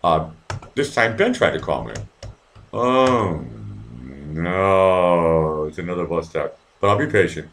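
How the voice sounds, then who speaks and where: A man's voice: low-pitched, very animated, a little fast, fairly bright tone. A man from Boston hosting a live call-in show from his apartment at night, rambling and swearing with lots of restarts. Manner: rambling, profane, many restarts. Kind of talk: casual live-stream talk with callers.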